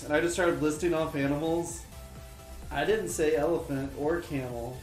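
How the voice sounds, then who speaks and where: A man's voice: a little high, moderate pace, pauses often, darkish tone. A man co-hosting an online trivia livestream, joking around and rambling with lots of "like". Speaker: trivia co-host. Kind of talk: casual trivia livestream chat. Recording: roomy echo with faint music.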